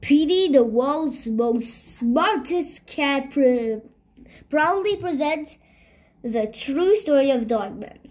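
A woman's voice: high-pitched, animated, slow pace, darkish tone. A woman voicing a vain, grumpy male evil cat scientist in a storybook read-aloud, bossy and boastful.

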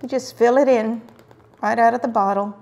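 Woman, middle-aged, craft host, slightly high voice, gravelly edge, unhurried chatty tutorial. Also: steady tone. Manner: chatty, warm asides while working, drifts into murmurs.

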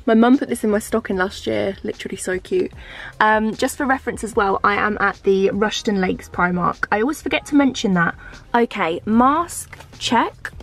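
A woman's voice: mid-range voice, moderate pace. Muffled masked woman vlogging. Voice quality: muffled by a face mask. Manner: gushing, talks through clothes one by one. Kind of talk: chatty shopping vlog. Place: large clothing shop indoors.

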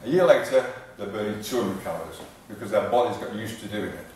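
A man's voice: fairly low pitch, fast, darkish tone, slight background noise. A man, a fitness trainer, giving an informal live talk to an audience, repeating himself and restarting sentences, getting out of breath while he exercises. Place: large echoey hall in front of an audience. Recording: echoey hall recording from far off.

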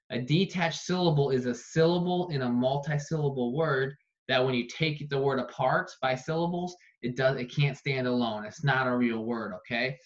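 A man teaching an online phonics lesson, saying each word slowly and repeating it for dictation. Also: mid-range voice. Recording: dull lo-fi recording.

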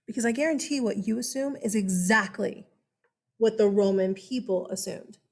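Her voice is medium in pitch with a slight lisp, and she talks at a moderate pace. This woman is a history teacher delivering a lively, conversational lecture to her class, often pausing to ask "okay?"

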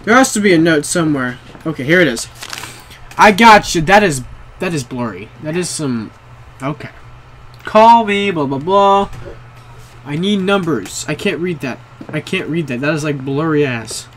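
A man's voice: on the high side, lively intonation, normal speed, fairly bright tone, slight background noise. A young man playing a horror game, jumpy, swearing often and talking to himself. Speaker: gamer.

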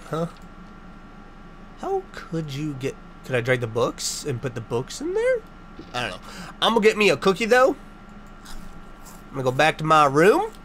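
A man hosting a casual let's-play, joking sarcastically and blurting loud startled reactions. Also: a little high, a little hiss or hum. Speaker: gaming channel host.

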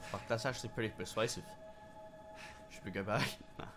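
A man's voice: lowish voice, fairly even intonation, fairly quick. A man, streaming a horror game live and reacting chattily with lots of swearing. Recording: game music loud behind voice.

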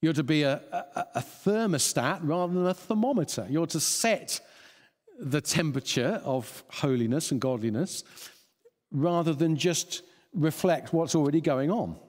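A man's voice: fairly high pitch, lively intonation, normal speed, a little mellow. A man preaching a sermon, chuckling often and restarting phrases as he thinks aloud. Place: church hall. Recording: long church reverb.

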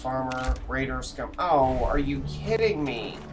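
While music plays in the background, an exhausted, sleepy game streamer chats and rambles during live play. His mid-range voice is animated but a little slow.

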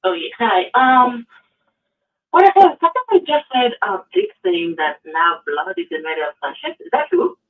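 A man's voice: extremely high pitch, sing-song, normal speed. A man with a Haitian accent calling in to a talk show and asking doubtful questions. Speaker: caller. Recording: distant tinny phone line.

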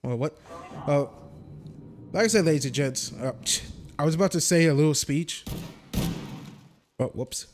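A man's voice: a little high, unhurried, long pauses, darkish tone. A young man casually commenting on his gameplay as a streamer, joking and talking to the game. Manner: chatty, jokey, talks to the game.

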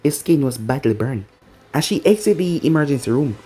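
Lively, expressive fan-fiction storyteller. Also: mid-range voice, brisk, slightly rough, soft background music. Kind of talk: read-aloud fan-fiction narration.

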